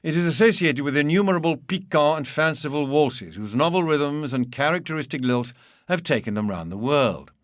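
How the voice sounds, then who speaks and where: A man reading a humorous memoir aloud in a wry, measured storytelling manner. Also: a little high, animated, no echo, studio quality. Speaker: narrator. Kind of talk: audiobook reading.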